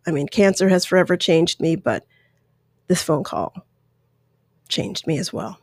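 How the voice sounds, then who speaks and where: A woman's voice: on the low side, lively intonation, a little slow, dry recording. Woman, 30s, podcast host, candid and emotional personal storytelling, close dry mic. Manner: candid, emotional, rambling with restarts. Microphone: close microphone.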